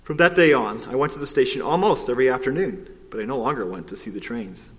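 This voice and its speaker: A man narrating a children's story aloud, in a steady, expressive reading. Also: mid-range voice, quick pace. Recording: long hall reverb.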